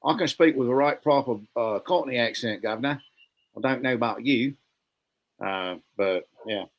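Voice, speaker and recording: A man's voice: mid-range voice, moderate pace, lo-fi sound. A man hosting a casual podcast, folksy, laughing often and trading country sayings. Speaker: podcast host.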